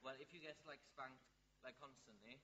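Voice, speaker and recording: A man questioning a point in a casual discussion, halting and searching for words. His pitch stays flat and even, sitting in a middle range. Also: low-quality recording. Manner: hesitant, full of likes and restarts.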